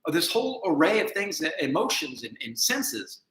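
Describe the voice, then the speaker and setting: A man telling a personal story in an earnest, self-critical monologue, going from quiet and subdued to emphatic. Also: fairly high pitch, very animated, moderate pace. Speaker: vlogger. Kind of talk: confessional monologue. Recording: echoey room.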